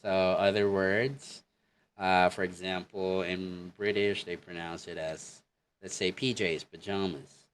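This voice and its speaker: Slow, deep-voiced male English teacher. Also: slight background noise. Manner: relaxed, with many fillers, demonstrating word pronunciations. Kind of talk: online English lesson.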